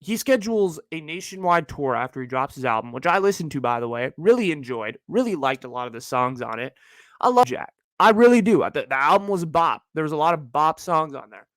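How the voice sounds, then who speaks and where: A man of twenty-one from Northern California, hosting his own show in a rambling, slangy solo rant that jumps to high, exasperated tones. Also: very animated, fairly quick, a bit bright, dry recording. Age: early 20s. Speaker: podcast host.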